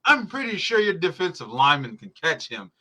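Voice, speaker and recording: A man's voice: on the high side, big pitch swings, fairly quick, bright, forceful tone. A man hosting a podcast, reacting live to a football game in a heated, profane rant. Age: adult parent. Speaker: podcast host.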